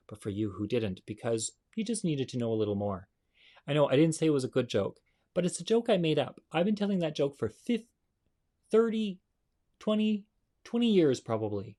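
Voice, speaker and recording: A man's voice: mid-range voice, darkish tone. A man hosts a comedy show, telling jokes in a chatty, self-mocking style. He talks to the audience directly and laughs off his own bad jokes.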